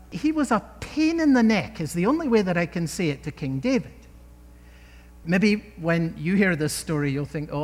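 A man's voice: high voice, big-room sound. A man preaching a sermon in an emphatic way, often asking his listeners rhetorical questions.

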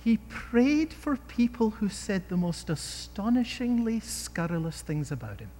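Animated male preacher in a reverberant hall. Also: sits high, slight background noise. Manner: expressive, rhetorical questions, dramatic pauses. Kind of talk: sermon.

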